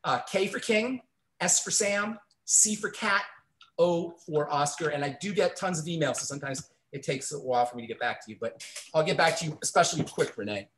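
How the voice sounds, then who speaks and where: A man's voice: a little high, brisk, fairly bright tone. Earnest man giving health advice. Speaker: radio health show host.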